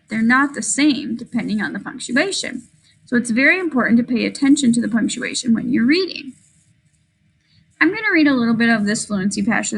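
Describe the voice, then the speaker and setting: A woman teaching third graders in a recorded lesson, speaking clearly and deliberately in a fairly high voice. She models reading aloud with expression, stopping to explain what she is doing. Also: fairly bright tone, poor audio.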